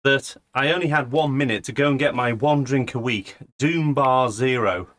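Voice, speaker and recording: A man hosting a live online show, chatty and teasing, with quick jokes at his guests. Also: medium pitch, fairly bright tone, no room sound, studio quality. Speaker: host.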